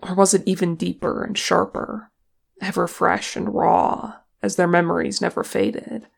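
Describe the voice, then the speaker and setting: A reader narrating a fan fiction story in a steady, measured way. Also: medium pitch, gravelly, breathy edge. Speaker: audiobook reader.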